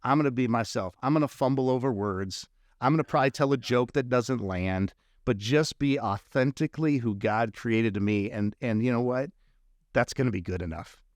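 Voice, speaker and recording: Animated storytelling man, dry sound. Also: mid-range voice, dry recording. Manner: lively, animated storyteller with quick asides and laughs. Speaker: podcast host. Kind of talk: casual storytelling chat.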